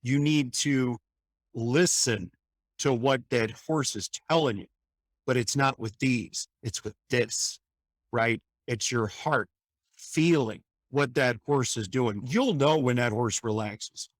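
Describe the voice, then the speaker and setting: A man's voice: mid-range voice, slow, no echo. Folksy man spinning a ranch yarn. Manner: folksy, anecdotal, frequent "okay?" and "right?" check-ins. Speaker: vice president of a veterans' equine therapy ranch, podcast guest. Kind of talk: storytelling in a podcast interview.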